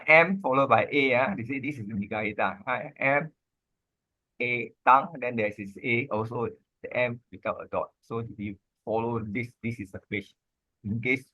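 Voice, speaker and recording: A man, teaching Pali grammar in an informal lesson, halting and repeating himself, with many "ah" and "lah" fillers. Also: medium pitch, bright, forceful tone, no room sound, muffled recording.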